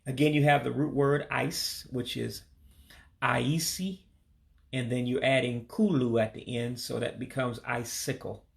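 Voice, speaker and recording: A man from Michigan, casually walking through a vocabulary lesson and repeating each word slowly, with frequent ums and uhs. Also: medium pitch, level tone, vocal fry. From Michigan, USA. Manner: repeats words slowly, hesitant with many fillers. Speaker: language learner teaching vocabulary.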